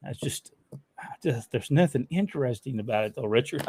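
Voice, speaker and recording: A man's voice: medium pitch, expressive, brisk, dark tone, husky. A man co-hosting a casual podcast, talking in a rambling, folksy way and laughing often. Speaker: podcast co-host. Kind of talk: casual chat.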